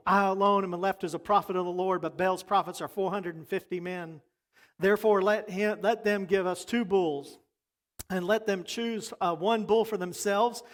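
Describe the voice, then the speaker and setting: A man preaching a sermon as pastor, talking emphatically and repeating his points. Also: high-pitched.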